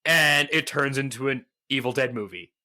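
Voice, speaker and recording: A man chatting on a podcast with a bright, forceful voice. He rambles through a story, excitable and full of fillers. Casual, loose delivery. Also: mid-range voice, moderate pace. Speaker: podcast co-host. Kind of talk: casual chat.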